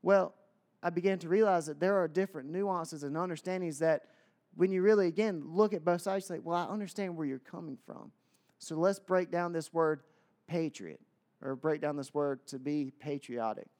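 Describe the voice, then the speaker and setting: Southern guy preaching, pretty high voice, chatty and jokey, lots of "you know"s. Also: normal speed, a little mellow. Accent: American Southern. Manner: conversational, joking asides with many fillers. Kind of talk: sermon.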